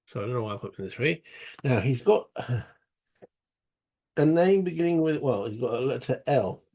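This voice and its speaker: A man's voice: medium pitch, lively intonation, moderate pace, warm tone. A British man narrating a solo tabletop wargame playthrough, chatting and thinking aloud as he goes, with self-mocking asides. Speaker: solo board game player.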